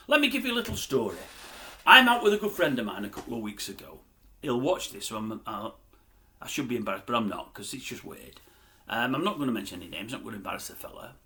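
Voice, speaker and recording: A man's voice: medium pitch, sharp tone. An older man, ranting bluntly to camera as a grumbling commentator. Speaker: YouTube commentator. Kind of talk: opinionated rant to camera.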